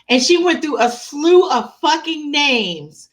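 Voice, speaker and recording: Lively swearing woman telling stories. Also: a little high, normal speed, hardly any pauses. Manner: animated, laughs a lot, swears freely. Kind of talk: casual storytelling chat.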